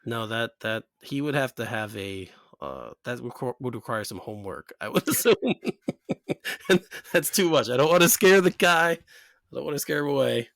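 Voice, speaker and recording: A man's voice: mid-range voice, expressive, normal speed, creaky, a bit bright, dry recording, clean studio sound. A man co-hosting a casual podcast, laid-back and rambling, laughing often. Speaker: podcast co-host.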